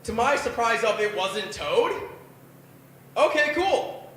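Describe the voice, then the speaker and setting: At a bar open mic night, a man in his twenties tells a profane, self-deprecating stand-up story in a very high, bright, forceful voice that is sing-song and slow. The room echoes strongly, with a faint hum of background noise.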